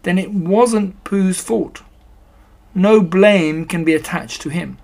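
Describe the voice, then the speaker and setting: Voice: mid-range voice, takes it slowly, creaky, darkish tone, pitched above the performer's own voice. A reader doing a pompous solemn old owl. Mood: stern. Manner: pompous, solemn, long-winded. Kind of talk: storybook reading.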